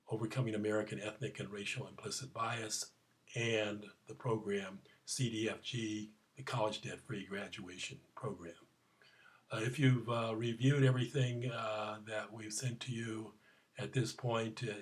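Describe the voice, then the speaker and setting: A man talks to his listeners in a loose, unscripted way, stumbling through frequent "uh" fillers. He tells little joke stories and acts out the people in them with loud, high-pitched cries for help. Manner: halting, many "uh" fillers, acts out quoted voices loudly. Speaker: program creator telling stories. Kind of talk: casual spoken message with jokes.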